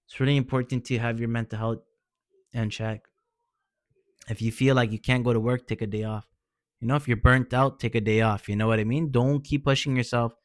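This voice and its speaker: In a clean studio recording without room sound, a man with a mid-range voice offers heartfelt, encouraging advice. He's a vlogger drawing on his own experience, speaking informally and earnestly and dropping "man" and "bro" a lot.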